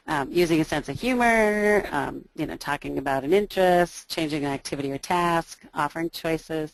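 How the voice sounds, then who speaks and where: A woman, an early childhood teacher, giving a training talk to educators with a booming voice, listing strategies with frequent ums and you knows. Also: no room sound, low-quality recording. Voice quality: loud, booming voice.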